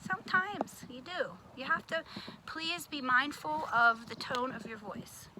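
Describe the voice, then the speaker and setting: A woman with a very high voice teaches young children patiently and gently. She explains things step by step. There is clear noise behind the recording. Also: lively intonation, measured pace. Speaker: children's show host. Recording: noisy background.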